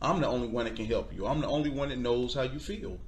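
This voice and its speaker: A man telling a personal faith testimony in conversation, earnest and halting, with frequent restarts. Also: mid-range voice, slight background noise. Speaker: guest.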